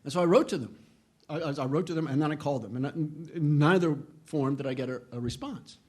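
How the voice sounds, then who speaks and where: Man, middle-aged lecturer, earnest, stumbles and restarts, pitched a bit high, rises when quoting. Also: fairly quick, a little mellow. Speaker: historian giving a lecture. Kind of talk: public lecture.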